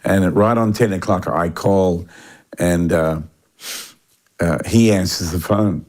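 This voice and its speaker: An older man with a fairly low voice recounts a story in a casual interview. He talks animatedly, stumbling and restarting as he goes, filling the gaps with "uh" and "um". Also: slow pace. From Australia. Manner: animated anecdotal delivery with frequent fillers and restarts. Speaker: interview guest.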